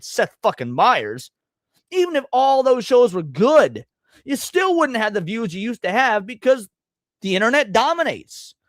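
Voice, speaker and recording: A man's voice: high voice, a bit bright, no echo, clean studio sound. An American man hosting a live reaction stream, ranting and swearing with heavy sarcasm. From United States. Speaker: livestream host.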